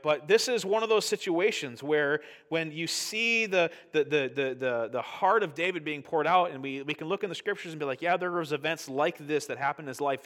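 With a slightly high voice, a middle-aged pastor delivers a lively, conversational sermon. He keeps asking "right?" to check in with his listeners.

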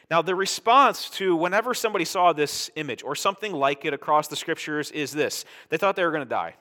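A man delivers a Bible teaching sermon in a casual, conversational style, often checking in with his listeners. His voice sits a little high and sounds bright. The recording carries a long reverb from a hall. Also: animated, brisk, few pauses. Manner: conversational, tag questions like "right?". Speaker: preacher.

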